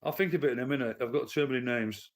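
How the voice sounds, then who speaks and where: A livestreamer and commentator rants bluntly to his live-stream chat from his living room, swearing and heated. He has a mid-range male voice and talks fast.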